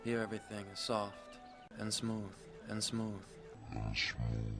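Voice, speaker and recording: A brooding young Jedi apprentice speaks low and sulky. His voice sits on the deep side, and a film score swells clearly behind him in this movie clip. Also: big pitch swings, takes it slowly, over music, full character voice. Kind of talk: film dialogue.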